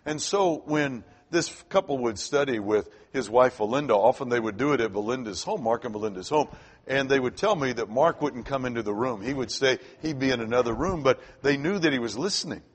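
Older male preacher, husky voice with a lot of rise and fall, chatty storytelling sermon. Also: medium pitch, expressive, a little fast. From Florida. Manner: conversational, repeats words when starting sentences.

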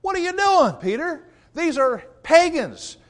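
A preacher voicing a group of indignant early church members, shrill and outraged as they exclaim their complaints. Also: male voice, big pitch swings, measured pace, heavily acted.

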